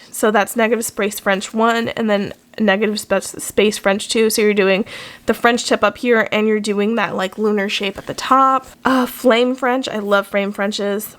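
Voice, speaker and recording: A woman's voice: on the high side, fairly bright tone. A young adult woman, a nail artist, chatting casually and gushing with enthusiasm as she unboxes nail design cards. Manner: gushing, enthusiastic, many fillers.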